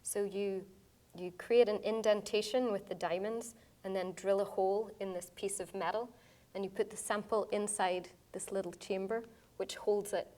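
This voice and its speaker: Woman scientist, voice going a bit hoarse, walking the audience through answers after her talk. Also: mid-range voice, fairly even intonation, a little mellow. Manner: explains step by step, with quick asides. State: losing her voice. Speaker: scientist giving a public lecture.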